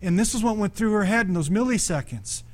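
A man's voice: high voice, expressive, quick pace, darkish tone. A man preaching a conversational sermon as pastor, often asking the congregation questions.

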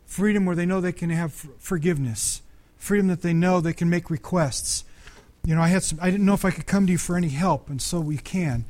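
A man's voice: high voice, brisk, few pauses, darkish tone. A man preaching a conversational sermon as pastor, often asking the congregation questions.

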